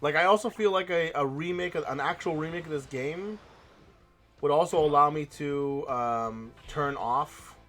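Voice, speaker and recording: A man's voice: on the high side, normal speed, a bit bright, faint music behind. A young man hosting a let's play, chatting in a rambling, casual way with frequent restarts. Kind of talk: casual gaming commentary.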